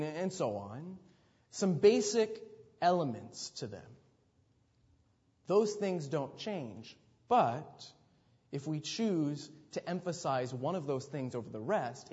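A pastor preaching a sermon, emphatic, asking rhetorical questions and now and then stumbling over his words. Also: medium pitch. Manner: emphatic, rhetorical questions, occasional stammered restarts. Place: church sanctuary. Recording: dull sound with long hall reverb.

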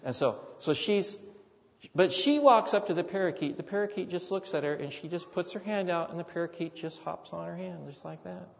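A man's voice: sits high, a little fast, gravelly. A middle-aged man preaching, telling a rambling, folksy personal story with rising emphasis. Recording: dull sound with long hall reverb.

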